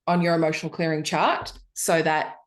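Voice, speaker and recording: Encouraging woman coach, low voice. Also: little pitch movement, moderate pace. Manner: upbeat and encouraging, lots of "like" fillers. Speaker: business coach. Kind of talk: one-on-one coaching call.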